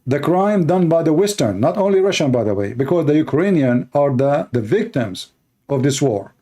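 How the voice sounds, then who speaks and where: Male commentator, Arabic first language, angry and mocking, fairly high but dark tone. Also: sing-song, normal speed. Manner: scornful, heated, broken English phrasing. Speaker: commentator reacting to a clip.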